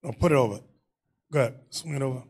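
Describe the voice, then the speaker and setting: A man's voice: medium pitch, fast talker, a little mellow, husky. A man teaching a Bible class in an emphatic preaching manner, calling on readers and staff between points.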